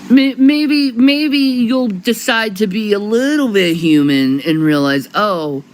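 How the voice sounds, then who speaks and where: A woman's voice: medium pitch, expressive, slow pace, a little mellow, a little hiss or hum, low-quality recording. A woman vlogger talking straight to camera, short of breath, rambling and swearing with many restarts and bursts of laughter. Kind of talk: rambling casual vlog monologue.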